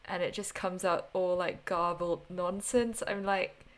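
A woman's voice: fairly low pitch, fairly even intonation, a little slow. A woman with a slight accent, a podcast guest earnestly explaining ideas in casual conversation. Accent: slight non-native accent. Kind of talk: casual chat.

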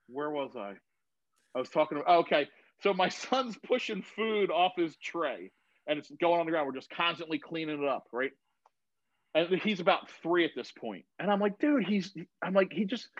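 A man in his thirties, a lively storyteller who swears freely and mimics the people he quotes. His voice sits a little high for a man and is dry and close, with a dull, slightly lo-fi sound. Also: no echo. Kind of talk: casual chat. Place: home garage.

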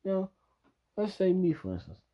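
A man's voice: high-pitched, big pitch swings, normal speed, a little hiss or hum. A man angrily reacting to news clips, swearing and ranting in a dull lo-fi recording. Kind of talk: profane reaction commentary.

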